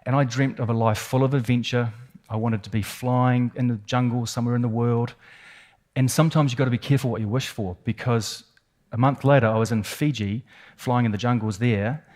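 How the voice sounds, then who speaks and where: A man's voice: medium pitch, steady tone, a little fast, a little mellow. A man with a New Zealand accent tells a personal story to an audience in a mid-range voice. He builds suspense with vivid detail and emphatic repeats, like a seasoned keynote speaker. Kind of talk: dramatic personal storytelling talk.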